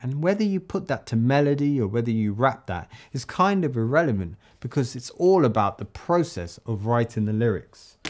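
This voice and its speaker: A man's voice: medium pitch, darkish tone. Man explaining songwriting step by step. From United Kingdom. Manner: explains step by step, reads lines slowly and rhythmically. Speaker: songwriting tutor. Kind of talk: friendly tutorial.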